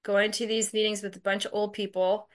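A woman's voice: mid-range voice, level tone, brisk. A woman casually telling a personal story, candid, profane and self-mocking, chatty with lots of fillers.

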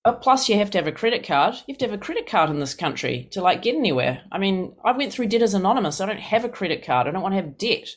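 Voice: mid-range voice, sing-song, fast, hardly any pauses. A person in their fifties from New Zealand with a New Zealand accent, tired and yawning, telling a story in a frank, exasperated way. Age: 50s. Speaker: speaker sharing at a recovery meeting. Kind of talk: personal sharing, casual storytelling.

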